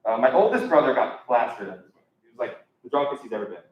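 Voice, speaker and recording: A man's voice: medium pitch, very animated, quick pace. A young man doing a live stand-up comedy set, talking casually and rambling with lots of ums. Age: young adult. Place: live comedy show in an echoey room. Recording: echoey, dull lo-fi room recording.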